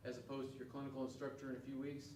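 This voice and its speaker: A man's voice: mid-range voice, little pitch movement, rapid-fire, darkish tone, slight background noise. A man teaching a class and going over test questions, earnest and often restarting his words. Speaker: instructor. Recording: echoey classroom, mic far off.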